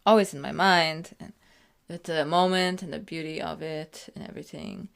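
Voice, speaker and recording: A woman rambling casually over her own video, giggling often and drifting between loud excited bursts and quiet murmured asides. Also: deep voice, moderate pace, gravelly, clear, resonant tone.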